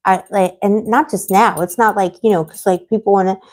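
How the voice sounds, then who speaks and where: A woman's voice: medium pitch, steady tone, brisk, a little mellow. A woman hosting a tarot live stream, chatting casually with viewers, rambling and getting heated as she vents. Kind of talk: casual livestream chat answering viewers.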